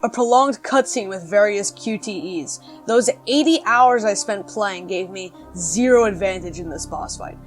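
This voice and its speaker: Woman YouTuber, sarcastic video essay narration, mid-pitched, faint music bed. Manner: sarcastic, swears casually. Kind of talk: comedic video essay commentary.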